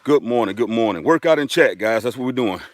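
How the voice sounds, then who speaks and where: A man's voice: medium pitch, lively intonation, fast talker, no room sound. A man hosting a casual live stream outdoors, chatting upbeat and directly to his viewers while walking a dirt road.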